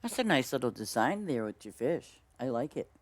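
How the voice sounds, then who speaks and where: A woman streamer chatting through a farming game, excitable and chatty, exclaiming often and talking to her viewers. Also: a bass voice, normal speed, no room sound. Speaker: gaming streamer. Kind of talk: casual gameplay commentary.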